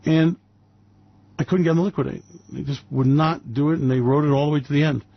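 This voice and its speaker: An older man talks in a rambling radio monologue, stopping often on fillers before he lands a blunt point. His voice sits a bit high for a man. The sound is dry and slightly dull, with no room around it. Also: steady tone, fast talker, gravelly, dry recording. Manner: blunt, hesitant with many fillers, storytelling. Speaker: radio show host.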